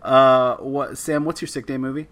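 Brief: male podcast host, mid-pitched, casual and rambling, trips over his words. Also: flat delivery, normal speed, fairly bright tone. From Canada. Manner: rambling, self-deprecating, stumbles and restarts often. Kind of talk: casual interview chat.

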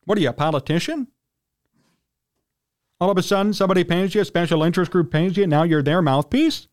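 A male sports radio host with a notably high voice launches into a heated, indignant rant. He talks like a man worked up about his team and keeps clearing his throat. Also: fast talker, darkish tone.

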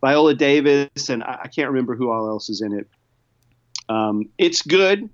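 An easygoing man talking in a relaxed chat, often hesitating and hedging. His voice sits at a middle pitch. The recording sounds a little dull and muffled. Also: moderate pace. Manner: easygoing, hesitant, lots of fillers. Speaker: podcast co-host reviewing movies. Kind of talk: casual chat.

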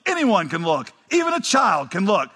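A pastor voicing a thin, plain-spoken lay preacher who pleads fervently and repeats himself, in a church. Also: male voice, high-pitched, wildly swooping pitch, normal speed, pushed and bright, husky, big-room sound, pitched above the performer's own voice, heavily acted. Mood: earnest. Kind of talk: sermon, quoted preaching.

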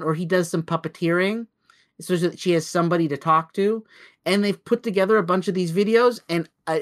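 A man in his thirties co-hosting a podcast, telling a long story casually with lots of restarts. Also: high-pitched. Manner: rambling storyteller with many restarts and acted-out quotes. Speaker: podcast co-host.

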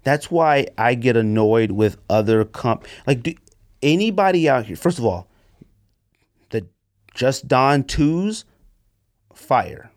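A male podcast host in full rant mode, sarcastic and animated, his pitch leaping up high whenever he wants to stress a point. The sound is close and dry, with no room echo at all. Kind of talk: casual sneaker podcast rant.

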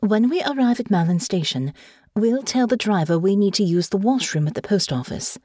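A woman voicing a poised young noblewoman who speaks smoothly, dryly and persuasively. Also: medium pitch, lively intonation, normal speed, warm tone, dry recording, lightly acted.

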